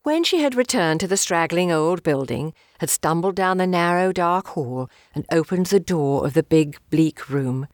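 A woman with a low, deep voice reads a novel aloud in a measured, unhurried storytelling manner. She gives the dialogue a light touch of acting while keeping the narration even. The recording is dry and close, with no room sound. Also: no echo. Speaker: audiobook narrator.

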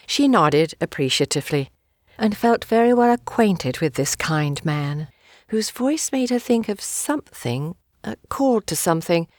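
Low-voiced woman reading a novel. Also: no echo, studio quality. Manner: measured storytelling, gently acting out dialogue. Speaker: audiobook narrator. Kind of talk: scripted narration of a novel.

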